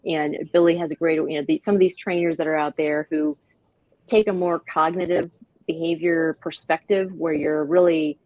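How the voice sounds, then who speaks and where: A woman speaking as a guest on a video-call show, talking with animated enthusiasm and acting out little quoted voices. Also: low voice, normal speed, dull audio. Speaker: guest, dog park expert.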